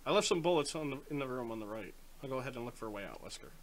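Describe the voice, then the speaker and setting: A man playing a game with a friend, muttering to himself and breaking into loud outbursts. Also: mid-range voice, expressive, rapid-fire, a little hiss or hum. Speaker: co-op gaming commentator. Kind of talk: casual gameplay chat.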